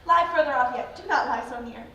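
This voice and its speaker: A woman playing an earnest, modest young noblewoman in a live school stage play, with a bright, emphatic stage delivery. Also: sits high, fast talker, highs cut off, a little hiss or hum. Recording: echoey hall from far off.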